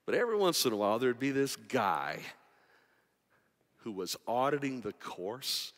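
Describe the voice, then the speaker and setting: A man pastor preaching a sermon, moving between quiet, intimate passages and raised, urgent appeals. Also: mid-range voice, sing-song, moderate pace, long pauses. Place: church sanctuary. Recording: long reverb of a large hall.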